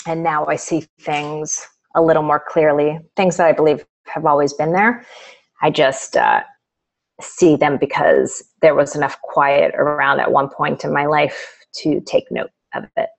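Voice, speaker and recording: A woman's voice: deep voice, little pitch movement, unhurried, creaky, low-quality recording. A middle-aged woman, an author guest in a live video interview, telling a personal story with lots of quoted dialogue.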